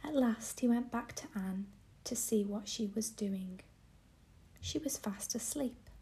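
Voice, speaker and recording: A woman's voice: a little high, takes it slowly, dark tone. Woman whispering a bedtime story.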